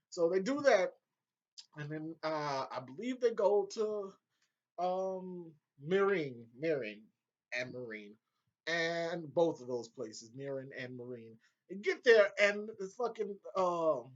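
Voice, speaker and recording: Man, casual excited recap, profane, very lively pitch, muffled home recording. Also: slow. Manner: excitable, profane, breaks into laughter. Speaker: video reviewer. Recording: dull lo-fi home audio.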